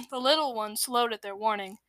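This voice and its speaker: A woman narrating a children's story in a measured, expressive way that drops into hushed tones. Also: on the high side, no echo. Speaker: storybook reader.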